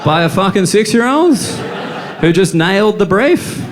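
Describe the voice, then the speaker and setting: Aussie stand-up guy, swears a lot, deadpan, voice sits a bit high, live crowd noise behind. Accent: Australian. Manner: brash, profane, deadpan storytelling with quick asides. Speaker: stand-up comedian. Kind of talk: stand-up comedy set. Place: comedy stage with live audience laughing. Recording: live show with audience noise.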